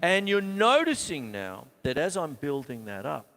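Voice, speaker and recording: Counting beats out loud while he plays, a man with an Australian accent teaches drums in a casual live online lesson. His high-leaning voice is sing-song and measured, with soft background music. Loud drums ring through a reverberant room.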